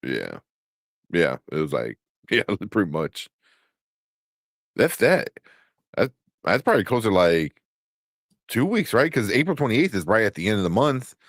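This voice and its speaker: A man in his thirties, co-hosting a casual chat show, telling lively stories, swearing casually and laughing often. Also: fairly low pitch, measured pace, long pauses, no room sound, clean studio sound. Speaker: co-host.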